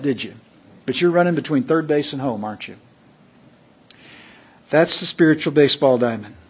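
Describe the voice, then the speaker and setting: A man's voice: fairly high pitch, slightly rough. A man preaching a sermon to a worship assembly, emphatic and fond of rhetorical questions to the congregation.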